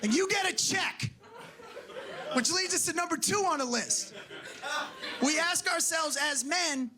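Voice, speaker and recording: A man doing a stand-up comedy set, brash and profane, mocking and shouting for punchlines. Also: extremely high pitch, measured pace, pauses often. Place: comedy club stage with a laughing audience. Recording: live club recording with audible crowd ambience.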